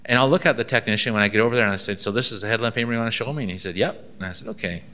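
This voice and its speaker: A man's voice: lowish voice, rapid-fire, pushed and bright, a little hiss or hum. A man, a transport ministry inspector from Canada, gives a seminar and tells anecdotes with dry humor, acting out bits of dialogue.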